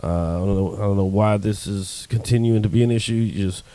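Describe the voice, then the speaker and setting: A man's voice: on the low side, fairly even intonation, quick pace, mellow, dry recording, close to an everyday voice. A man doing a weary, fed-up judge. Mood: exasperated.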